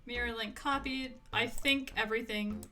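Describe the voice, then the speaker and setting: A woman's voice: a little high, fairly even intonation, moderate pace, heavy background noise. A young woman streaming a game, chatting casually and rambling to her viewers while she fiddles with settings. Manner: chatty, self-talking, giggly, rambling to chat. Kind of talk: casual live-stream chat while gaming.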